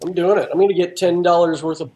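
A man talking as a guest in a casual chat, an animated storyteller who laughs easily. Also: high-pitched, fast. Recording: roomy echo.

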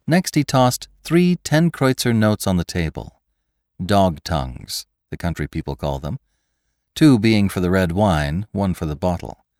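Man, very deep voice, animated storytelling narration, dry close mic. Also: dry recording. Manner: expressive, measured storytelling. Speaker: podcast narrator. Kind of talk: scripted narration of a classic tale.

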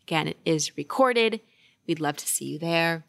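A woman's voice: low-pitched, expressive, normal speed, creaky, fairly bright tone, no room sound, clean studio sound. A woman relationship coach co-hosting a casual podcast chat, talking in an earnest, upbeat way.

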